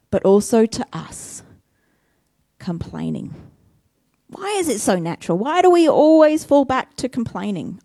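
A woman's voice: fairly high pitch, darkish tone, no echo, clean studio sound. A woman preaching a conversational sermon, asking rhetorical questions and admitting her own faults.

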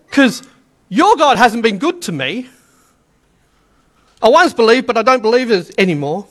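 A man preaching in a loose, conversational way, breaking into little acted-out quotes. His voice sits very high and sounds bright and forceful. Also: animated, brisk. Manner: chatty, storytelling, acts out quotes. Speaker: pastor. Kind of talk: sermon.

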